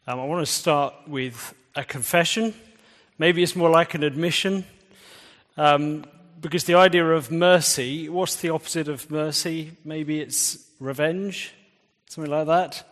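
Preacher in an echoing church. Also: male voice, on the high side, fairly even intonation, a little slow, fairly bright tone. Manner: conversational, engages the audience with quiz questions. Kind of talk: sermon. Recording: reverberant church hall.

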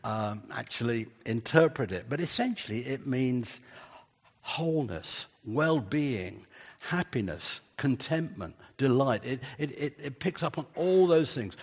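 A man's voice: mid-range voice, expressive, a little slow, slightly rough, in a large hall. An older man preaching a sermon in an earnest way, building emphasis through repeated phrases.

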